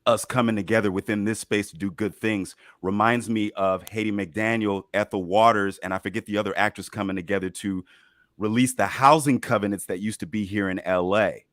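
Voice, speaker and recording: A man speaking as a guest on a live call-in show in a measured, cautionary way. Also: lowish voice, fairly even intonation, fairly bright tone, no room sound, studio quality. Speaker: guest caller.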